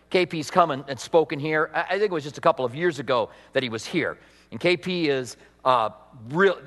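A male pastor preaches in a chatty, self-deprecating way, breaking into laughs at himself. His voice sits high for a man. It echoes with the long reverb of a large church hall. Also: a bit bright. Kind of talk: sermon.

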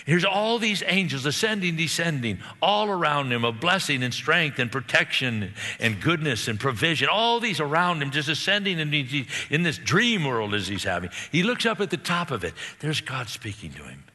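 A man's voice: on the high side, normal speed, hardly any pauses. A man preaching a sermon, retelling a story and acting out the characters' lines. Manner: animated, acts out the characters' lines. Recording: long hall reverb.

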